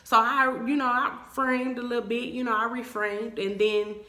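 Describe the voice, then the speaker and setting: A young woman tells her viewers a story, animated and emphatic. Her voice is bright and forceful, and it bounces around an echoey room. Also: a little high, moderate pace. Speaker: vlogger. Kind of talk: storytime vlog.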